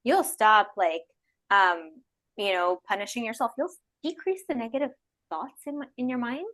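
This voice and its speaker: A woman talking as a podcast guest in a casual interview, animated and fond of acting out people's inner voices. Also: on the high side, normal speed.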